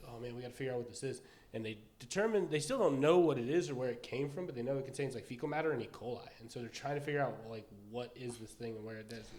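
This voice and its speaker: A young man co-hosting a podcast in casual chat, easygoing, with quick joking replies. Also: mid-range voice, darkish tone. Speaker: podcast co-host.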